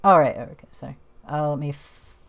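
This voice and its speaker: A woman's voice: low-pitched, brisk, gravelly, lo-fi sound, a crowd in the background. A woman playing in an online tabletop game, giggling often and talking in a casual, slightly apologetic way. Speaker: player. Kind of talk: casual play chat.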